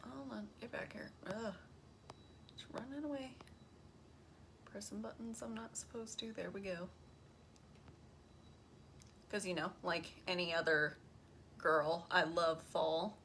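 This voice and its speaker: A woman's voice: lowish voice, steady tone, takes it slowly, pauses often, fairly bright tone, a little hiss or hum. A woman co-hosting a live online show, making bubbly small talk and laughing easily. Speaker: co-host. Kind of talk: casual chat on a live stream.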